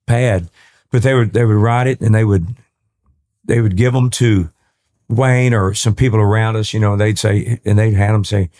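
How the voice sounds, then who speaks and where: Folksy Texan man telling stories, low voice. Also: steady tone, normal speed, darkish tone. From East Texas. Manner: folksy, repeats words and restarts while telling stories. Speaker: guest, country singer. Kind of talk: storytelling in a podcast interview.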